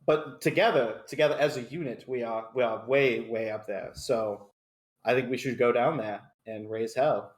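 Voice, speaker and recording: A man voicing his character in a tabletop game, in a halting, teasing way. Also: medium pitch, roomy sound. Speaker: player.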